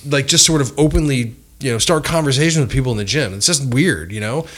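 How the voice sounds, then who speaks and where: A man co-hosting a podcast, telling a rambling story in an excitable, casual way. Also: medium pitch, quick pace. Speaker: podcast co-host.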